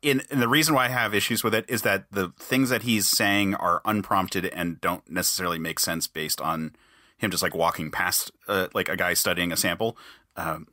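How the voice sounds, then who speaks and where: Bright-voiced man chatting excitedly. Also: low voice, moderate pace, dry recording, clean studio sound. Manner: rambling, enthusiastic, many restarts. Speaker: podcast host. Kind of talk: casual podcast chat.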